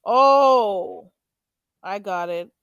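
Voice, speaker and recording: A woman hosting a live stream, chatting in an animated, gossipy way with callers. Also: very slow, smooth, no room sound, dull audio. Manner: animated, gossipy, mimics others in a high voice. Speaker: livestream host. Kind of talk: casual live-stream chat.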